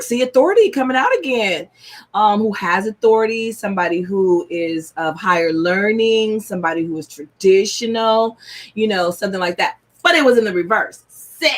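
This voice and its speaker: A woman reading tarot cards on a live stream, chatty and excitable, with casual slang. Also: medium pitch. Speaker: tarot reader.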